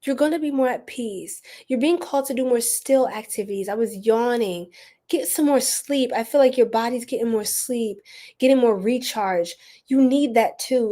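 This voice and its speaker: A woman giving a casual livestream tarot and astrology reading, chatty and animated, laughing often and speaking to viewers as y'all. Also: fairly high pitch.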